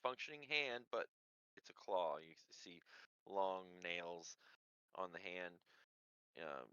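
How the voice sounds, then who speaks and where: A chatty man at a tabletop game describes his character out loud. His voice is low and bright, dry and slightly dull, like a lo-fi mic. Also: animated, slow pace, smooth, dry recording. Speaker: player. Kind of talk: casual tabletop play.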